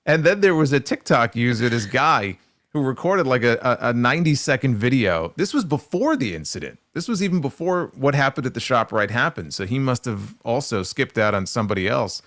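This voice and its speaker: A New York man co-hosting a wrestling talk show in casual banter. His pitch swings widely as he mocks and fires off quick asides. The sound is close and dry, with no room around it. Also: no echo. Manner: animated, quick asides, mocking. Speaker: podcast co-host.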